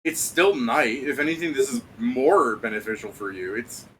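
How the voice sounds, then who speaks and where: A man serves as game master on a tabletop game stream. His bright voice sits in a middling range. He rambles and laughs often, and faint noise hums under the talk. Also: mid-range voice, expressive, moderate pace, rough recording. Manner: rambling, laughs often, trails off mid-thought. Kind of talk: casual chat during a tabletop game stream.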